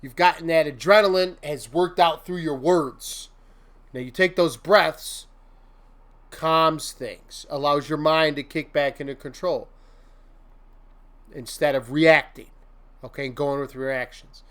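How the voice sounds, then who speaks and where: A man's voice: fairly high pitch, unhurried, long pauses, a bit bright. Rambling, laughing man giving life advice. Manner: rambling, laughs often, mock-venting with silly fake curses. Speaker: host. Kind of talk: casual motivational livestream chat.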